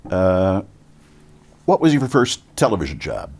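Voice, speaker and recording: A man's voice: sits low, huge pitch swings, a little slow, a little mellow. A man hosting an interview podcast, asking brief questions and reacting to his guest. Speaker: podcast host. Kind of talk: interview chat.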